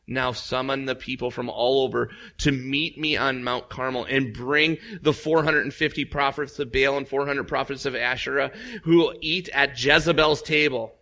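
A pastor giving a sermon, telling a story with lively acted-out voices that leap up in pitch. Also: male voice, gravelly. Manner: animated storytelling, acts out voices with big jumps up.

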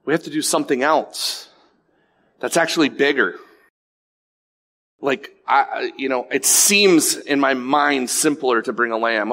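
A man's voice: medium pitch, a little slow, pauses often, fairly bright tone. A male pastor preaching an earnest, confessional sermon, often acting out quoted voices and repeating words as he goes. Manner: candid with restarts and repeated words.

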